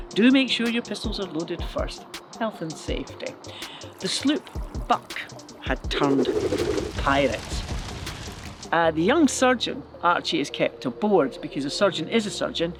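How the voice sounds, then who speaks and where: Man, high voice, comic history storytelling, playful asides, music behind. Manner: playful, chatty asides to the listener.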